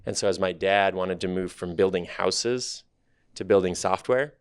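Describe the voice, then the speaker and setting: A man in his thirties, a startup CEO guest on a podcast interview, telling his story in a relaxed, candid, thoughtful way. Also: sits low, normal speed, smooth, no room sound.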